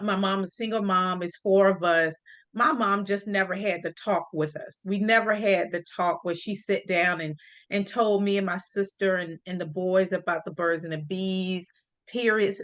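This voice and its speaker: A middle-aged woman hosting a chat, telling a personal story in a lively way and acting out the voices she quotes. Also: medium pitch, measured pace. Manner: animated, acts out quoted voices, laughs often. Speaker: podcast host sharing a personal story.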